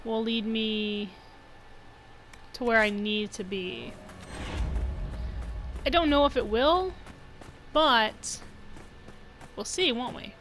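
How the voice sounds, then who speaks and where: A woman's voice: on the high side, takes it slowly, pauses often, fairly bright tone, soft background music, low-quality recording. A woman hosting a let's-play video, chatting to her viewers as she plays, joking and laughing often. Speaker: gaming channel host.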